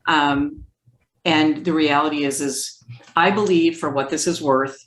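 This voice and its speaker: Low-voiced woman, animated storyteller, echoey room. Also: measured pace. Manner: lively storytelling, acts out quoted speech. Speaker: guest therapist. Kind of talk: conversational interview.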